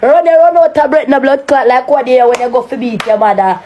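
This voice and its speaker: A woman's voice: high voice, fast, highs cut off, slight background noise. A woman with a Jamaican accent delivering a heated, taunting rant on a live stream, cursing often.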